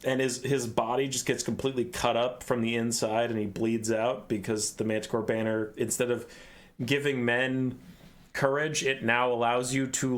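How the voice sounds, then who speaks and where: A man's voice: medium pitch, flat delivery, moderate pace. A man casually retelling a game story in a rambling, profane way, often correcting himself.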